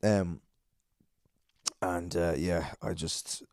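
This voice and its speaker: A man's voice: sits low, flat delivery, drawn-out words, a little mellow, no room sound, studio quality. An Irish man hosting a solo podcast, rambling and swearing a lot, self-mocking and a bit out of breath. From Ireland. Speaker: podcast host.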